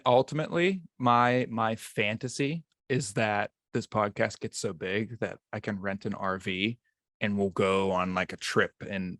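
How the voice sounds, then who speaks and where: A man's voice: on the low side, a bit bright, no room sound, studio quality. A man hosting a podcast in casual chat, rambling and stumbling over his words. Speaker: podcast host.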